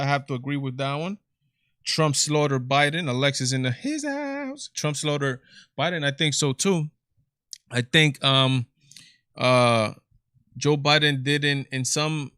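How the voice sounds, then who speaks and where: A man's voice: mid-range voice, sharp tone, smooth, no room sound, clean studio sound. A man hosting a casual political livestream, rambling with lots of fillers and restarts. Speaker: livestream show host. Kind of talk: casual commentary with chat reading.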